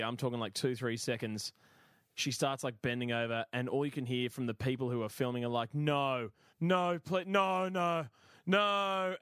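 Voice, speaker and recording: A man co-hosting a comedy podcast, retelling a story with lively energy. His voice has an ordinary middle pitch. The sound is dry and close. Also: no echo. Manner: animated retelling, acts out quotes. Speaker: podcast co-host.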